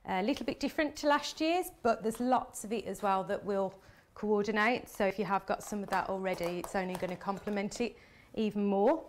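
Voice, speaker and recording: A woman's voice: mid-range voice, brisk, few pauses, a little hiss or hum. A chatty woman leads a live card-making demonstration. She talks easily through each step while her hands keep working. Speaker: craft demonstrator.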